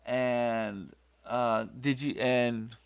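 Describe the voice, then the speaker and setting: A man hosting a podcast, retelling a TV episode in a halting, casual way with many fillers and restarts. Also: medium pitch, little pitch movement, vocal fry, clear, resonant tone, no echo. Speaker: podcast host.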